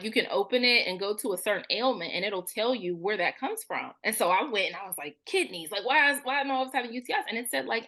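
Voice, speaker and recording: Her mid-range voice is bright and forceful as this thirties-something therapist and spiritual coach tells her story candidly, in colloquial language. She animates the thoughts she quotes along the way.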